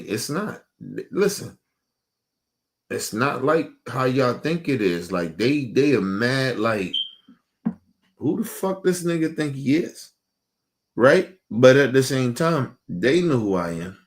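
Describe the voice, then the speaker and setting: Guy with aave going off in a heated profane rant, keeps circling back, mid pitch. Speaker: show host. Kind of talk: casual ranting monologue.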